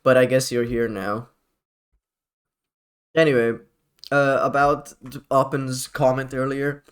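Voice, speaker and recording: A man's voice: medium pitch, flat delivery, slow, clean tone. Rambling, profane male streamer. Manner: rambling and profane, with frequent laughs. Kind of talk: casual live-stream chat.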